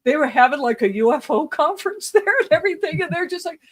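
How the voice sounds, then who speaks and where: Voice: sits high, lively intonation, quick pace. Rambling, laughing podcast storyteller. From lived in the southwestern US. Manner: rambling anecdotes with frequent fillers and laughs. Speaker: podcast co-host. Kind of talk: casual storytelling chat.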